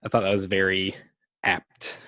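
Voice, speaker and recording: A man co-hosting a podcast in casual chat, relaxed and loose, with many fillers. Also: sits low, unhurried, no room sound, studio quality. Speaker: podcast co-host.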